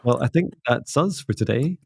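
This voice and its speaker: A middle-aged man hosting a spiritual livestream, talking in a soft, gently meditative way. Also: medium pitch, lively intonation, moderate pace, gravelly, breathy edge, no room sound. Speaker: psychic mentor and livestream host. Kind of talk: casual livestream chat and guided closing.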